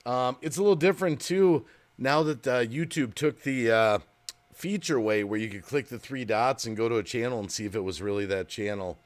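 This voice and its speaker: A man's voice: medium pitch, fairly quick. Middle-aged male streamer, casual and rambling, reads viewer comments aloud. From Wisconsin, USA. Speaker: live streamer. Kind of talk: casual live stream chat.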